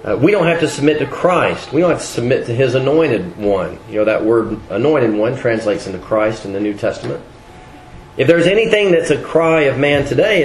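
A man's voice: medium pitch, lively intonation, a little fast. Man preaching in an echoey room. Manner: conversational, with frequent fillers and restarts. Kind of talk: sermon.

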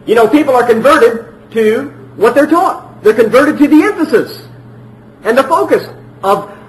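A man preaching a sermon emphatically, repeating phrases and swinging between loud and hushed. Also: extremely high pitch, animated, normal speed, reverberant, rough recording.

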